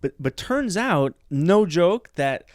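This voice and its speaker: A man's voice: on the high side, big pitch swings, takes it slowly, dry recording, studio quality. A man co-hosting a comedy podcast, telling a story in loose casual chat with lots of swearing and laughter. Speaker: podcast co-host.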